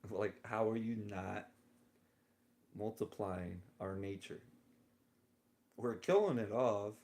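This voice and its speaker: A man's voice: lowish voice, a little mellow. A man vlogging a rambling personal monologue, musing and drifting between thoughts with frequent chuckles, lying in bed indoors.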